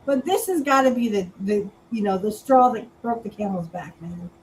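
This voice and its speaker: A woman's voice: medium pitch, expressive, moderate pace, darkish tone, a little hiss or hum, poor audio. A woman co-hosting a casual political chat show, talking bluntly and crudely. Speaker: co-host.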